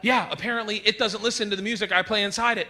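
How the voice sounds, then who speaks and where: A man doing a stand-up set, telling stories loudly with shouted bits, on a noisy live stage recording. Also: high-pitched, fairly even intonation, fast talker. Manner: loud, rowdy storytelling with shouted bits. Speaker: stand-up comedian.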